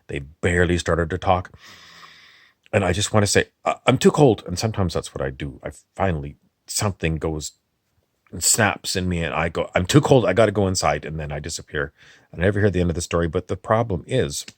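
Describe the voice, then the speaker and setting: Low-voiced man in a rambling comic monologue. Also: dry recording, studio quality. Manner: meandering, halting, drifts off topic. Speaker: comedy channel host in character.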